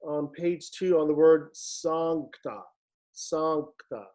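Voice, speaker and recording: Guy walking a virtual choir thru latin diction, kinda high voice, patient, sings the sounds out. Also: slow pace, mellow. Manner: patient, demonstrates sounds by singing them. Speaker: choir director. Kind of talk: online rehearsal instruction.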